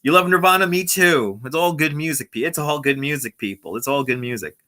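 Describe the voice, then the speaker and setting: A man's voice: on the high side, brisk, pushed and bright. A man hosting a casual livestream outdoors, chatting with viewers and laughing often, on a lapel mic. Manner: chatty, reads out and answers chat, laughs often. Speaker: livestream host. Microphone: wireless lapel mic.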